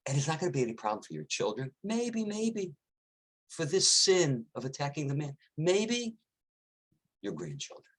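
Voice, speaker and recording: A man's voice: fairly high pitch, sing-song, normal speed, fairly bright tone, pitched above the performer's own voice. A man voicing a sly, wily male coyote in a spoken parable, coaxing and smug.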